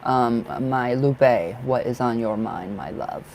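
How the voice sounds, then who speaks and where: A man talking in a casual live-stream chat, his mid-pitched voice carrying a gravelly edge. He is effusive and affectionate, laughing often and restarting his sentences as he speaks to viewers by name. A faint hum sits behind him. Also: slow pace, darkish tone, rough recording. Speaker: tarot reader.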